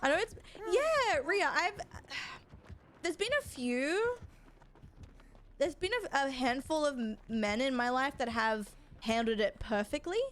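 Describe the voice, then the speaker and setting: A woman's voice: sits high, expressive, slow, pauses often, a bit bright. A young woman, chatting casually with her chat while gaming, rambling and swearing freely. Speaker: streamer.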